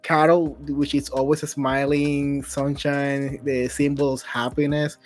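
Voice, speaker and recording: A man hosting a podcast, talking fast and excitedly in a casual chat. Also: medium pitch. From Latin America. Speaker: podcast host.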